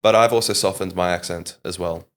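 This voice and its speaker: Deep-voiced Australian man, laid-back drawl. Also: fairly quick. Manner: animated storyteller, leans on "like" and "mate". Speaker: public speaking coach. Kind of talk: casual podcast interview.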